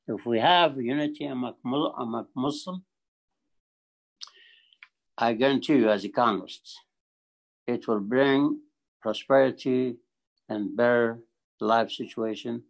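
Halting older man with a gravelly voice. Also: medium pitch, fairly even intonation, poor audio. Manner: halting, repeats words, emphatic. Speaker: community forum speaker. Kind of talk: speech at a community forum.

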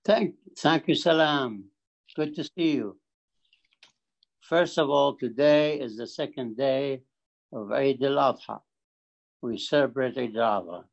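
Halting older man with a gravelly voice. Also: medium pitch, muffled recording. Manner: halting, repeats words, emphatic. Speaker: community forum speaker. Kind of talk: speech at a community forum.

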